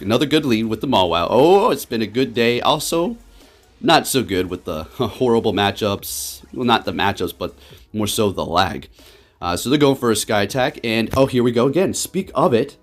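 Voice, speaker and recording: A man hosting his gaming channel, giving excitable live commentary on his matches that swings quickly between frustration and laughter. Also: on the low side.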